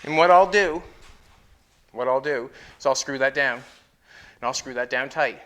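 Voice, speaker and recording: A Canadian metal fabricator hosting a car-building show talks at a normal speed in a mid-range, slightly bright voice. He chats and explains each step of his metalwork in this hands-on build commentary, recorded in a car workshop with slight background noise.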